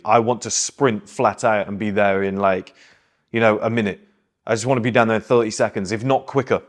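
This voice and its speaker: A man's voice: fairly low pitch, fairly even intonation, fairly quick. A young man hosting, delivering a blunt, emphatic motivational monologue. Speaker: host.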